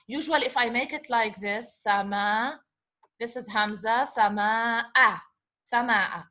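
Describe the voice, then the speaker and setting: A woman's voice: fairly high pitch, slow pace, pushed and bright. A woman teacher giving a patient lecture, often checking in with "okay?". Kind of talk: classroom lecture.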